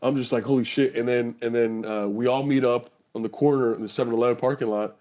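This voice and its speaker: A young man hosting a podcast, telling a story casually, acting out quotes loudly and swearing freely, recorded in a bedroom. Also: medium pitch, fairly even intonation, fast talker. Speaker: podcast host.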